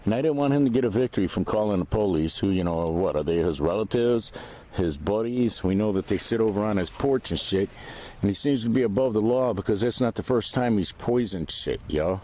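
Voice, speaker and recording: A man's voice: lowish voice, expressive, brisk, a little mellow. A man ranting to camera in a vlog, rambling, profane and agitated. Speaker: vlogger. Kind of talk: casual rant to camera.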